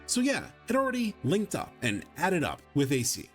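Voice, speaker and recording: A man giving scripted narration for a video essay in an explanatory, measured way. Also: fairly high pitch, huge pitch swings. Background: music.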